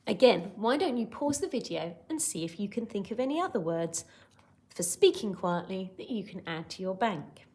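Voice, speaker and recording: Lively, expressive woman teaching young children. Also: mid-range voice, moderate pace. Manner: expressive, acts out shouting, whispering and gasping to show words; encouraging, patient teacher talk. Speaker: primary school teacher. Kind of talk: recorded online lesson for young children.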